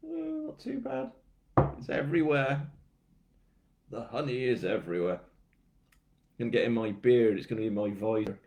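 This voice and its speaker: A man's voice: medium pitch, very animated, normal speed, pauses often, darkish tone, slight background noise. A British man, a crime novelist, chatting casually and rambling on a live book launch, with many fillers and a self-mocking tone. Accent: British English. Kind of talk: casual live-stream chat.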